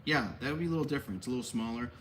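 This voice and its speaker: A man's voice: mid-range voice, very fast, noisy background. A man hosting a casual Q&A for his collectibles shop, rambling and correcting himself as he goes, with easygoing slang. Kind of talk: casual livestream Q&A.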